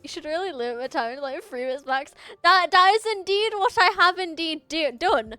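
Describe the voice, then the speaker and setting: A woman's voice: very high voice, lively intonation, brisk, bright, forceful tone, no echo, soft background music. A young British woman streaming a game, chatting casually with viewers in a jokey way. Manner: chatty, jokey, frequent restarts. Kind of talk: casual live-stream chat.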